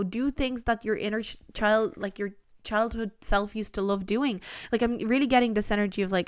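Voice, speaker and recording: Smooth-voiced woman giving a tarot reading. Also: mid-range voice, dry recording, clean studio sound. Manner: earnest, rambling, full of fillers and restarts. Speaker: tarot reader. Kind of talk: pick-a-card tarot reading.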